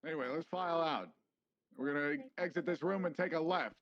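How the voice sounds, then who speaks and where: A man's voice: fairly high pitch, fairly quick, no room sound, muffled recording. A man playing a police trainer, explaining rooms in a casual, instructive role-play walkthrough. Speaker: police trainer giving a station tour.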